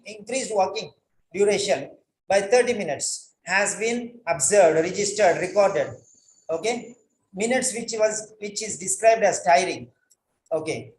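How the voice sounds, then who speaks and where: Male writing tutor, higher pitch, corrective and repetitive, recorded in a roomy space. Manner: corrective, repeats phrases, spells words out. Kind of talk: correcting a student's letter line by line.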